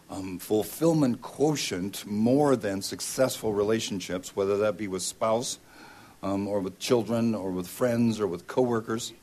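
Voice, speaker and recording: A male pastor giving a sermon in a conversational way, often pausing with ums and uhs. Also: lowish voice, a little mellow.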